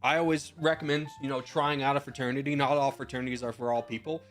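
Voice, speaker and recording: A man in his twenties streams and chats loosely, handing out rambling advice full of slang and the odd swear. His voice sits at an ordinary middle pitch, and faint music plays softly behind him. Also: little pitch movement, fast talker. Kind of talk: casual chat, answering viewer messages.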